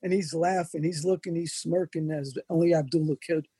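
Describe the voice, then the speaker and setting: Older male interview guest, high husky voice, animated storyteller, dry close recording. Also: moderate pace, no room sound. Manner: animated anecdotes, acts out quoted voices. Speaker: wrestling photographer and magazine editor.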